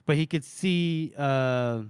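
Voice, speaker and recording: Speaking slowly in a fairly high, clear and resonant voice, a man co-hosting a casual book podcast narrates a chapter's scenes and briefly performs the characters' dialogue. The studio-quality recording is echo-free.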